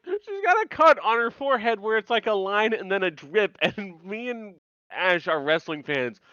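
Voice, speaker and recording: A man with a bright, very lively voice recaps a TV episode on a casual podcast, laughing and talking over his co-host. His mic is dry and a little dull, like a lo-fi recording. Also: high-pitched, normal speed, smooth, no echo.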